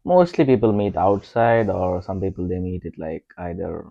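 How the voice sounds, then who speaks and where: A man's voice: low-pitched, animated, normal speed, vocal fry, no room sound, phone-quality sound. A young man with an Indian accent chatting casually as a podcast co-host, hesitant with many fillers and self-deprecating. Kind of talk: casual conversation.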